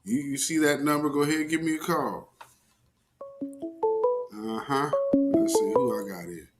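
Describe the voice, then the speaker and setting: A man's voice: mid-range voice, moderate pace, over loud music. A man hosting a casual call-in livestream who laughs easily and talks in a playful, chatty way. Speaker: host.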